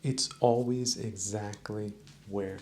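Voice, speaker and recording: A man hosting a podcast, musing in a slow, preachy mock-sermon monologue with a gravelly voice. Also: lowish voice, fairly even intonation, darkish tone, a little hiss or hum. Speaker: podcast host. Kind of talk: rambling comedic monologue.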